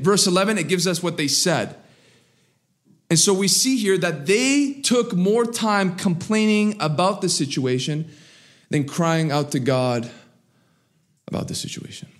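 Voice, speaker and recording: A man preaching a sermon, swinging between raised, emphatic lines and low, quiet asides. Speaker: pastor.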